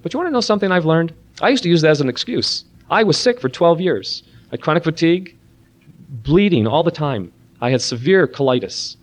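Man, seminar speaker, earnest, animated preaching, softer when praying, speaking to a room of listeners. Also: fairly high pitch, a little fast. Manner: earnest, animated preaching with a soft-voiced prayer. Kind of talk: Christian parenting seminar talk with prayer. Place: room with an audience.

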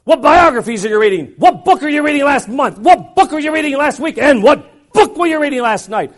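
A man voicing a huge, brash older male preacher who barks loud commands while telling a story. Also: extremely high pitch, animated, a little fast, voice pushed up. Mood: demanding. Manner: loud and commanding, barking orders.

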